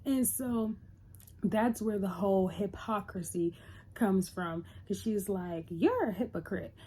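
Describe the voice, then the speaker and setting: A woman's voice: medium pitch, slow pace, warm tone. A woman casually recapping a TV episode in a loose, chatty retelling. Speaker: TV reviewer.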